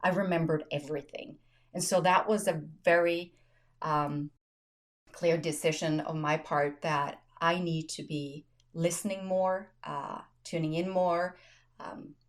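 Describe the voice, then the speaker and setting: A woman's voice: low-pitched, fairly even intonation, unhurried. A woman hosting a podcast, telling a personal story in casual conversation, acting out quotes and laughing often. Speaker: podcast host.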